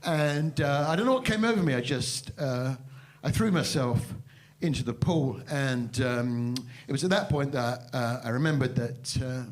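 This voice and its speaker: Rambling, mock-serious male comedian. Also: mid-range voice. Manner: rambling, halting delivery full of fillers and restarts; mock-serious, self-deprecating. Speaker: stand-up comedian. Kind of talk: live stand-up storytelling with crowd banter. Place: live venue stage before an audience.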